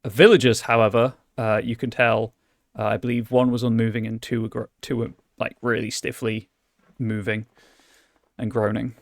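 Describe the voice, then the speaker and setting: A man's voice: medium pitch, level tone, normal speed, creaky, no room sound, clean studio sound. A man running a tabletop game as game master, describing scenes with many restarts and fillers.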